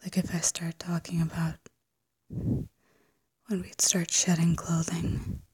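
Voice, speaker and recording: A woman voicing a wistful, teasing ex-lover in a whispered role-play, speaking in a hushed, breathy voice with hesitant restarts. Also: fairly low pitch, monotone, slow, exaggerated voice. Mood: sultry, teasing.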